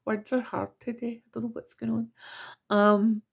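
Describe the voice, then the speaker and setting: A woman's voice: fairly high pitch, level tone, moderate pace, breathy edge, phone-quality sound. A Scottish woman giving a casual monthly tarot reading, chatty and self-mocking with giggly asides. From Scotland. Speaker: tarot reader.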